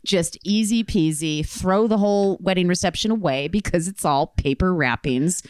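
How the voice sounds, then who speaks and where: Smooth lower-voiced woman co-hosting. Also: moderate pace, a little mellow, no room sound. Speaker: podcast co-host. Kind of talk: casual podcast chat.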